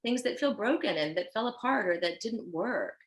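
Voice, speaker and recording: A woman's voice: mid-range voice, moderate pace, low-quality recording. A woman guest on a podcast interview, a fashion designer speaking in an earnest, effusive way. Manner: earnest and effusive, animated when telling stories.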